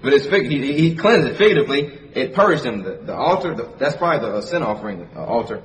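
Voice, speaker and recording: A preacher with a mid-range voice and lively intonation speaks fast. He reads scripture in King James wording and explains it plainly and conversationally, leaning on repeated phrases for emphasis. The mic sits far away, with a faint hiss underneath.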